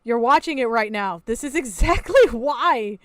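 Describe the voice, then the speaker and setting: A woman's voice: fairly high pitch, animated, measured pace, a bit bright, dry recording. A woman hosting a reaction commentary, ranting in a sarcastic, exasperated way and swearing freely. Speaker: commentary channel host.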